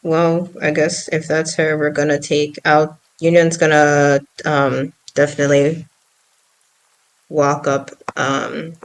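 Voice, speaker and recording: A tabletop player thinking aloud at an unhurried pace. Speech is casual and halting, with a mid-range voice. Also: medium pitch, level tone, low-quality recording. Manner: slow, hesitant, thinking aloud. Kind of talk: casual play.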